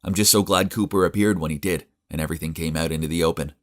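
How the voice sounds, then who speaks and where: A young man with a very low, deep voice tells an animated story in the first person. His narration is earnest and emotive, plainly scripted. He sounds young. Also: fast.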